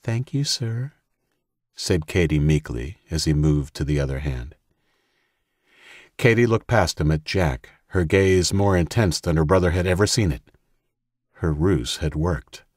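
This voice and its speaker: A man narrating an audiobook in a steady, measured storytelling voice. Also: extremely low pitch, no room sound, clean studio sound.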